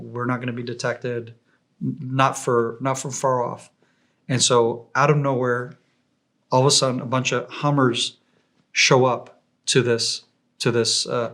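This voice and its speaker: A man from Israel casually telling combat stories as an interview guest, animated and acting out the voices of the people he quotes. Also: medium pitch. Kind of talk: casual war storytelling.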